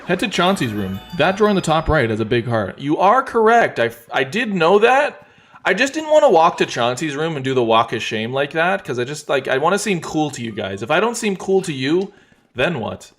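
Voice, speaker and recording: A man's voice: a little high, brisk, faint music behind. Laid-back joking male streamer. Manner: relaxed, wry, joking. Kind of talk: casual gameplay commentary.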